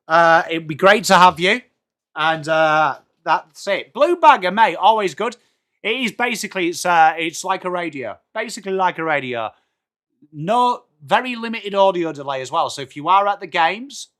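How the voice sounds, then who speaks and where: A man with an English accent hosts a live football watchalong, chatting away to his viewers. He greets them by name and throws in jokes as he goes, his voice sitting slightly high for a man. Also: fairly bright tone. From England. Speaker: streamer hosting a football watchalong. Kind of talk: casual live-stream chat reading out viewer comments.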